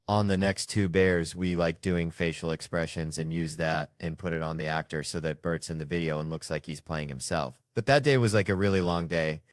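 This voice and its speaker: A tired comedian in casual behind-the-scenes talk, wry and rambling. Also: male voice, low voice, no echo, studio quality.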